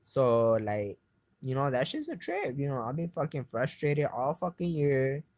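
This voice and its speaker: A young man on a swear-filled, rambling rant, agitated and hard to stop. His voice sits at an ordinary middle pitch and jumps higher when he gets heated. The sound is dry and close, with no room echo. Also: sing-song, a little slow, a little mellow. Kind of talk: profane rambling rant to camera.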